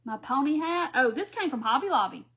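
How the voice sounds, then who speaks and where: A woman's voice: sits high, lively intonation, brisk, pushed and bright. A middle-aged woman from Mississippi with a Southern accent, chatting casually through a crafting live stream and reading viewer comments aloud.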